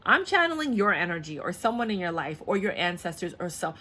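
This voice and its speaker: A woman doing a casual tarot reading to camera, blunt and animated, slipping into voices as she goes. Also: lowish voice, a little fast. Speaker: tarot reader.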